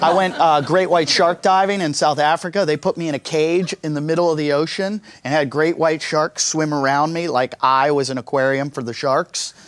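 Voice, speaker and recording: A man's voice: a little high, fairly even intonation, normal speed, hardly any pauses. A male American stand-up comedian telling crude, profane jokes and acting out the people in his stories. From United States. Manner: crude, swearing, acts out characters in dialogue.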